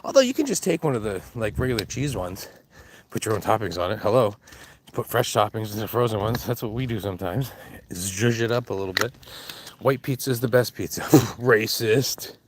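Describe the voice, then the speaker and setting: A man's voice: fairly low pitch, animated, a little fast, noisy background. A man vlogging on a dog walk, rambling and joking, laughing at himself as he talks. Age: adult with kids. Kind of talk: casual walk-and-talk monologue.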